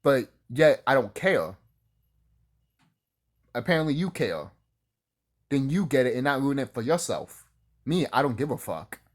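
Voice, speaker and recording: A man's voice: mid-range voice, very animated, unhurried, long pauses. Casual ranter, male, sarcastic and fired up, cursing often, swinging voice. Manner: heated, sarcastic, swears a lot, repeats himself. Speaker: YouTuber ranting about video games. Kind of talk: casual rant to camera.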